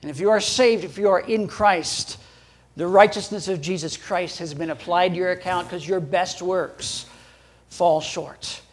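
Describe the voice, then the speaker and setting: Man, pastor, sermon, high-pitched voice, emphatic, swings up in pitch and volume, chuckles between points. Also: a little slow.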